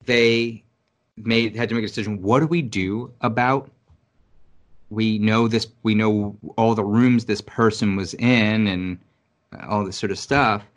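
Man from New York City, lower voice, casual, swears a lot, animated storyteller. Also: a little slow. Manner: rambling, profane, animated storytelling. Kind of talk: casual conversation. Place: Virginia.

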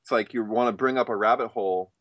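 A man in casual chat who swears often and acts out other people's lines in a raised, excited voice. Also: on the low side, fast talker, no room sound, lo-fi sound.

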